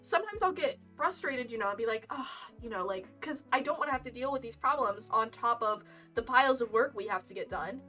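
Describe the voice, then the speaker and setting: A young woman streamer chatting casually in a storytime while crocheting, animated and laughing as she retells things. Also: on the high side, fast, hardly any pauses. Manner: animated, laughing, dramatic voice swings when retelling. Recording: faint lo-fi music behind, slightly distant mic. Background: lo-fi game music.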